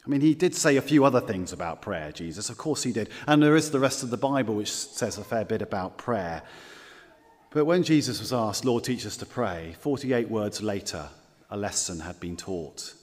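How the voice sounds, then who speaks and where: A man preaching a sermon, earnest, dropping his voice low on key words. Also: expressive, normal speed. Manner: earnest, varies loudness for emphasis, drops low on key words. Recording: long reverb of a large hall.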